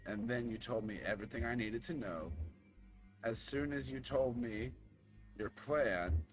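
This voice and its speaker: A man's voice: mid-range voice, measured pace, soft background music, close to an everyday voice. A man reading as a cold treacherous young woman.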